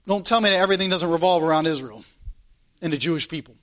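A man preaching a sermon, reading scripture slowly and with emphasis, then talking fervently in a conversational way. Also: on the high side, fairly bright tone.

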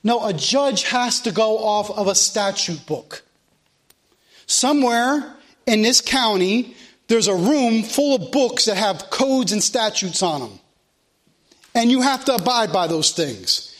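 A middle-aged man preaching a sermon in a church, fervent, swinging from loud Scripture reading to soft, earnest pleading. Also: very high-pitched. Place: church sanctuary.

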